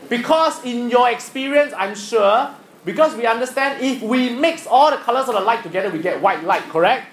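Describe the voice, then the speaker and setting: A man's voice: very high voice, expressive, normal speed, fairly bright tone, echoey room, rough recording. A man teaching science to a class, asking questions and teasing students. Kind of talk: classroom lesson.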